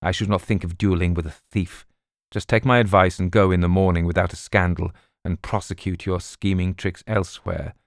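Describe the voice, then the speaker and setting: A man voicing a cool, commanding English gentleman in an audiobook reading. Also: low-pitched, fairly even intonation, brisk, no echo, studio quality.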